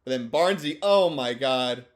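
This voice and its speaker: A man's voice: medium pitch, animated, moderate pace. A stoned man giving rambling, joking, profane commentary over sports clips. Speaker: video host.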